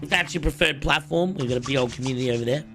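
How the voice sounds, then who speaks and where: A man's voice: medium pitch, rapid-fire, gravelly, over music. A man with an Australian accent, casually commentating his game on a live stream and bantering cockily with chat. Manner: playful, cocky banter with chat.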